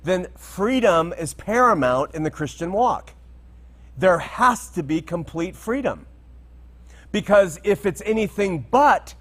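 A man with a somewhat high voice teaches through Bible verses in an unscripted way. He talks conversationally, wanders off into asides and checks in with his listeners to see if they follow. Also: fairly bright tone.

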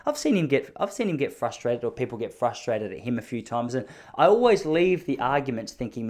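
A man's voice: medium pitch, big pitch swings, a little fast, hardly any pauses, darkish tone. An Australian man in his thirties hosting a podcast, telling rambling, jokey stories and acting out the people in them. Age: 30s. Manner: rambling, jokey, acts out quoted voices. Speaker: podcast host. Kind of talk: solo storytelling podcast.

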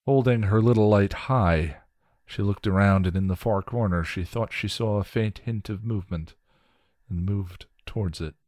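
Male story reader, deep voice, measured delivery, dry recording. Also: darkish tone, dry recording. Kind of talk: reading a story aloud.

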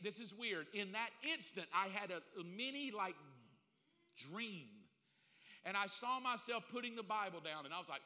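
Man, pastor preaching, hushed pleading to loud excitement, sharp bright tone, reverberant church hall. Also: sits high, normal speed. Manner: folksy and joking, acts out little dialogues. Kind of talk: sermon.

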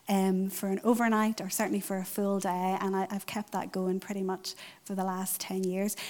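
A middle-aged woman giving a conversational sermon, driving points home by repeating them. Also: medium pitch. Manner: conversational, emphatic repetition. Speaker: church speaker.

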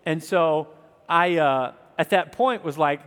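A man's voice: fairly high pitch, slow pace, a bit bright, clean tone. A man in his thirties from the American South, preaching a sermon in an earnest, conversational way with asides to the congregation. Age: 30s. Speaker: pastor. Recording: long hall reverb.

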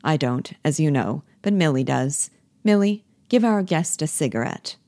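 Prim gentle old-school schoolmaster, read by a woman. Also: sits low, animated, moderate pace, no echo. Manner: gentle, formal, precise. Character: middle-aged schoolmaster, prim, gentle, complacent. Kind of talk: play reading.

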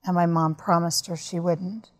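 Woman guest, slightly low voice, earnest storyteller for a podcast interview. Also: little pitch movement, moderate pace. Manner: candid, earnest, recounting events at length. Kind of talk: personal storytelling in conversation.

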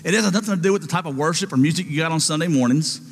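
A man's voice: a little high, rapid-fire, vocal fry, breathy edge, big-room sound. A man preaching a sermon, calling out to his congregation for responses in an emphatic, rousing way.

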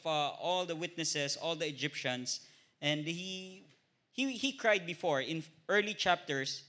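A man with a Filipino accent leads an informal Bible study with a fairly high, bright, sharp voice. He talks in halting stretches, filling gaps with "uh" and checking in with a quick "no?". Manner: hesitant, many filler "uh"s and tag "no?".

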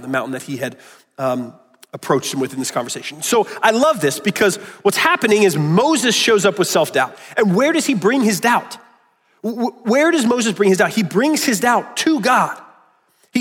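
A man's voice: high-pitched, big pitch swings, normal speed, fairly bright tone, breathy edge. A man preaching a sermon as pastor, earnest, with frequent restarts and acted-out quotes. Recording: long reverb of a large hall.

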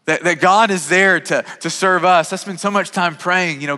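Man, thirties, pastor, sermon, bright forceful voice, restarts and repeats words, echoing church hall. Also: fairly high pitch, moderate pace, few pauses. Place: church sanctuary. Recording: reverberant hall.

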